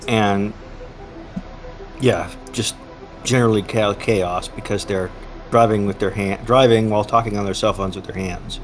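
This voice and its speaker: A man with a low voice chats casually with a streamer over a call, relaxed and chuckling between stories. Faint music sits in the background. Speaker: co-player. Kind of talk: casual chat.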